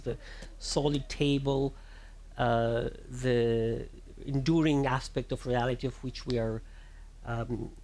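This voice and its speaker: Male lecturer, Italian accent, thoughtful, searching for words mid-sentence. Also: medium pitch. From Italy. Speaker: physicist giving a talk. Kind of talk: public lecture.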